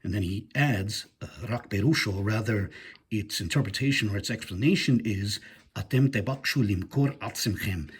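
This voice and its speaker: A man giving a methodical screen-share lecture on biblical grammar, pausing often with fillers and carefully reading out Hebrew phrases. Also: on the low side, breathy edge. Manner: methodical, hesitant with frequent fillers. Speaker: biblical language teacher.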